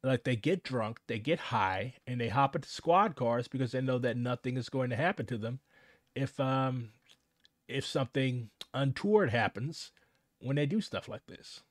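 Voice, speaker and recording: A man's voice: mid-range voice, moderate pace, no echo, clean studio sound. A man giving casual live commentary on a news story, sardonic and swearing freely as he reads statements aloud.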